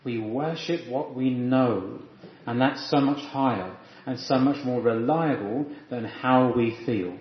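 A man's voice: medium pitch, a little slow, slight background noise. A man preaching a sermon in an earnest, reflective teaching manner. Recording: echoey, dull lo-fi room sound.

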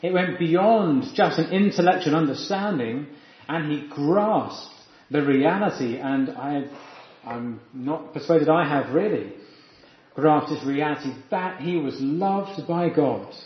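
A man's voice: a little high, animated, takes it slowly. A man preaching a sermon in an earnest, reflective teaching manner. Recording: echoey, dull lo-fi room sound.

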